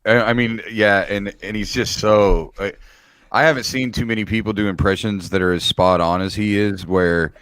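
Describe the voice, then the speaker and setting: A man, a comedian hosting a podcast, talking in a relaxed, frank way and swearing casually. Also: lowish voice, moderate pace, clean tone, no room sound, clean studio sound.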